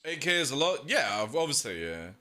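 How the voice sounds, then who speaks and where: Excitable man, lively pitch. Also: fairly quick. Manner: excitable, swears freely, laughs often. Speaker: streamer reacting to a video. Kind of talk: casual live-stream reaction.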